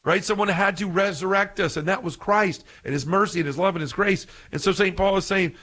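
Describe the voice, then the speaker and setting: Picture a man with a slightly raised voice, preaching with real excitement. He is earnest and emphatic, and keeps pausing to ask his listeners whether they follow him. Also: sits high. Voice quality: earnest, emphatic, often asks "right?". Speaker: podcast speaker. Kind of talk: preaching reflection.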